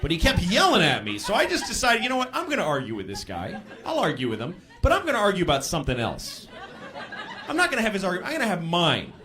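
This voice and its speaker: A man's voice: high-pitched, wildly swooping pitch, fast, sharp tone. A man performing stand-up comedy, telling stories in a conversational, exasperated way and acting out the people in them. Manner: conversational, exasperated storytelling with acted-out voices. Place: comedy club stage. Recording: live comedy club audience laughing.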